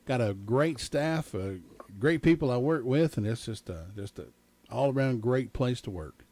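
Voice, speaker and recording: A man's voice: medium pitch, animated, normal speed, warm tone, dry recording. A man with a Southern US accent hosting a morning radio show, folksy and easygoing with a joking manner. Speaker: radio host. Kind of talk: casual morning radio chat.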